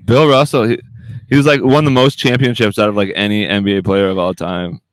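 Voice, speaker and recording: A man's voice: lowish voice, steady tone, a little fast, no room sound. Man, podcast co-host, swears a lot, rambling casual banter, dry close sound.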